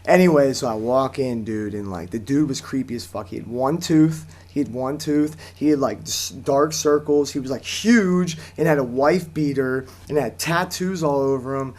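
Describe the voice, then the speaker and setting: A man's voice: mid-range voice, normal speed, few pauses, a little mellow. A man casually telling a rambling story on a chat show, full of fillers, restarts and swearing. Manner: swears casually, laughs a lot. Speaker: co-host.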